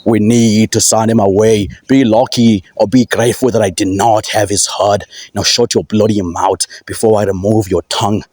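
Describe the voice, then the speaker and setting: A man voicing a proud, stern male alien king from a cartoon, slow and threatening. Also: lowish voice, fairly even intonation, a little mellow, no room sound, lightly acted. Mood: boastful.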